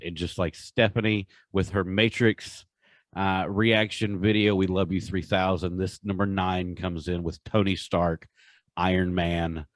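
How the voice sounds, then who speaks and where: A man's voice: sits low, no room sound. A man co-hosting a podcast, talking earnestly with frequent hesitations. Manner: earnest, hesitant with many uhs. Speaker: podcast co-host. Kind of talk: casual podcast chat.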